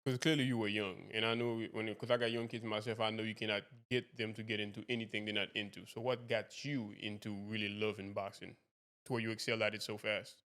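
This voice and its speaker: A man hosting a casual podcast interview, talking quickly in a lower voice. His questions wander, repeat themselves and restart midway before landing. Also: little pitch movement, fairly bright tone. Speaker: podcast host.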